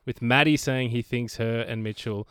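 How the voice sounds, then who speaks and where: A man co-hosting a podcast in casual chat, reading a listener's message aloud with quick asides. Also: medium pitch, steady tone, a bit bright, clear, resonant tone, dry recording, clean studio sound. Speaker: podcast co-host.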